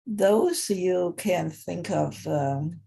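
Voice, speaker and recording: Woman english teacher, slow halting talk, dark husky voice. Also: lowish voice. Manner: halting, with many pauses and restarts. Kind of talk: informal spoken lesson.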